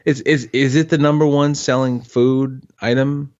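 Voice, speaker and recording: A man's voice: medium pitch, steady tone, normal speed, a little mellow, highs cut off. A man co-hosting a podcast in casual chat, laid-back, using easygoing slang and saying "man" a lot. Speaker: podcast co-host.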